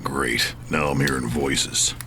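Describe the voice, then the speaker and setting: A man's voice: very deep voice, flat delivery, slow, music in the background, full character voice. An actor playing a wary dead male detective, a demon hunter, in an audio drama.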